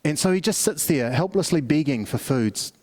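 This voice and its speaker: Conversational middle-aged preacher, higher voice. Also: male voice, lively intonation, moderate pace, darkish tone. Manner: conversational storytelling with many restarts. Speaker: pastor. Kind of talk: family service sermon.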